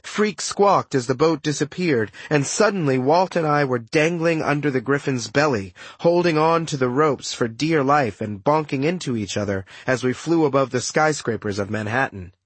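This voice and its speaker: A man narrating a first-person audiobook, telling the story lively with wry asides. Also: mid-range voice, moderate pace, hardly any pauses, slightly rough, no room sound.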